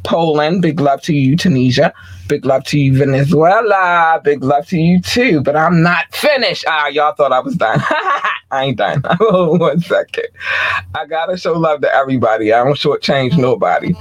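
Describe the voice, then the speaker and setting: A man hosting a podcast, giving playful, slangy, chatty shout-outs to his listeners. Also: fairly high pitch, moderate pace, no room sound, low-quality recording. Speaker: podcast host. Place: room with several screens.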